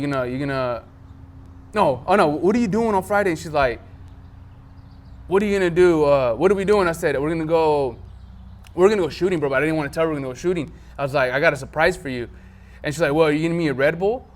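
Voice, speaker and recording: A man's voice: on the high side, quick pace. A man hosting a podcast in casual chat, swearing freely and acting out the texts he quotes. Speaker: podcast host.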